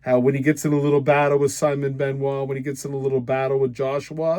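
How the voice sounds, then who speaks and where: A man hosting a hockey recap, talking in a sarcastic, rambling rant. His pitch swings widely from phrase to phrase. He speaks in a mid-range voice. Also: animated, brisk, darkish tone, dry recording. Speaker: host.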